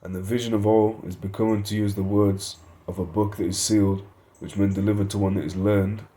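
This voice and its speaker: A man's voice: lowish voice, level tone, fairly quick, warm tone. A man giving an informal Bible study lesson, reading verses and word definitions aloud, thinking aloud and correcting himself as he goes. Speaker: Bible teacher.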